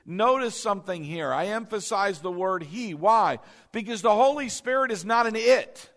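High-voiced man preaching in a reverberant hall. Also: expressive, normal speed, fairly bright tone. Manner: emphatic, repeats key phrases, asks the congregation questions. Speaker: pastor. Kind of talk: sermon. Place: church hall with a congregation.

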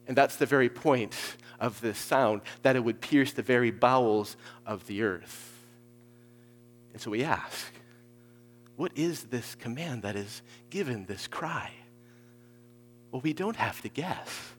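A man's voice: animated, a little slow. Fervent preacher man, hall echo. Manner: swings between hushed low lines and loud emphatic peaks. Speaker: pastor. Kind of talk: expository sermon. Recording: long hall reverb.

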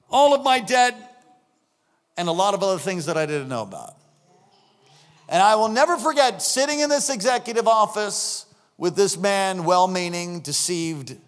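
Animated high-voiced man preaching in a hall. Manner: animated, acts out dialogue, swings from shouting to hushed. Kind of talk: sermon with personal story.

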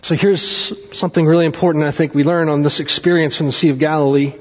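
A male pastor preaching a sermon, with dramatic swings in pitch and pace and chatty asides. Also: fairly even intonation, fast. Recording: dull sound with long hall reverb.

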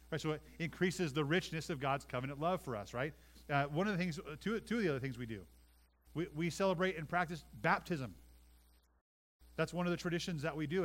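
A man preaching a sermon as pastor, his voice sitting a little high. He talks emphatically, checks in with "right?" and repeats himself as he goes. When he acts out a quoted voice, he swings hard between loud and soft. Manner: emphatic, often asks "right?" and repeats words.

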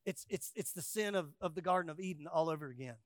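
A male pastor preaching a sermon, rising to loud emphatic peaks and dropping to quiet asides, acting out quoted voices with humor. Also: fairly high pitch, quick pace, no room sound, studio quality.

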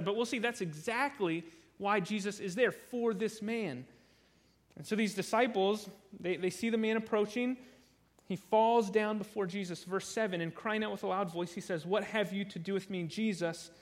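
Working through a Bible passage in a sermon, this man speaks in a high voice with a fairly bright tone. His manner is earnest and conversational, with frequent repeated words whenever he starts a sentence over.

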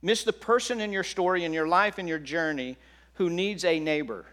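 This middle-aged pastor's sermon feels like a conversation, as he keeps posing questions to the people listening. He has a high voice, a bit bright, at normal speed.

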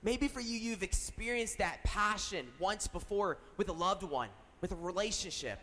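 A young youth pastor from South Carolina preaches a sermon in a large church hall, earnest and storytelling, poking fun at himself and asking the audience questions. His voice is high-pitched, bright, and forceful at a moderate pace, and the recording echoes through the hall.

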